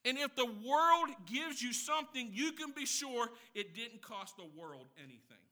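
A man preaching a sermon as pastor. He counts off numbered points, asks the congregation questions and drops from loud emphasis to hushed asides. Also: very high voice, big pitch swings, moderate pace.

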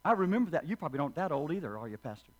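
A man's voice: fairly high pitch, very animated, highs cut off. A man preaching a sermon, firing off repeated questions and leading the congregation in call-and-response. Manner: impassioned preaching, rapid-fire repeated questions. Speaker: pastor. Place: church sanctuary.

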